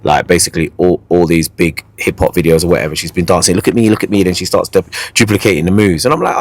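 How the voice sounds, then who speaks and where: A man with a lowish voice tells a story fast on a casual podcast, his pitch swinging widely as he gets into it. His playful, animated delivery keeps circling back to pet catchphrases. The sound is close and dry. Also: no echo. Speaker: podcast host.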